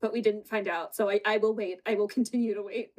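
A woman's voice: mid-range voice, steady tone, fast, a little mellow. A woman co-hosting a casual chat, laughing often as she retells scenes. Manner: giggly, retells scenes with quoted voices. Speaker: podcast co-host. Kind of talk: casual chat recapping a reality show. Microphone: home setup with green screen.

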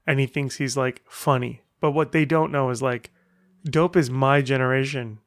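A man's voice: mid-range voice, steady tone, normal speed, dry recording, clean studio sound. A middle-aged man hosting a casual solo podcast, telling stories in a chatty way full of rambling asides. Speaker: podcast host.

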